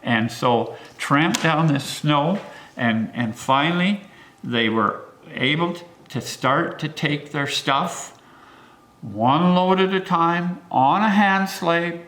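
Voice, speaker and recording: An older man, a local historian, recounts pioneer history as a lively storyteller, swooping his pitch for emphasis.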